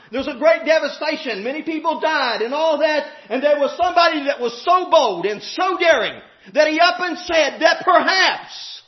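A man preaching a sermon, impassioned and shouting at times, drawing out emphatic phrases. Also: very high voice. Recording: echoey, dull hall recording.

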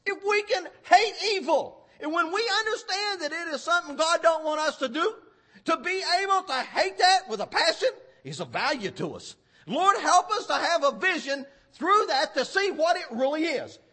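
A preacher man delivers a fervent sermon and hits certain words with sudden loud force. His voice sits very high with a bright edge, and his pitch swoops widely from phrase to phrase. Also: animated, moderate pace.

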